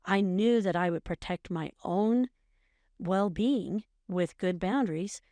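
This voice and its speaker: A woman's voice: medium pitch, takes it slowly, dark tone, no echo. A middle-aged woman co-hosting a podcast, giving earnest, coaching advice in a casual chat and repeating phrases for emphasis. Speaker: podcast co-host, mother.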